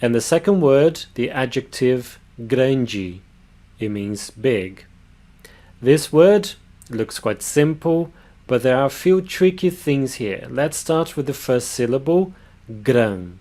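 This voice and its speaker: A man giving a pronunciation lesson, sounding out words slowly and carefully. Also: medium pitch, lively intonation, dark tone. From Brazil. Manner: slow, careful demonstration of words. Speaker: language teacher.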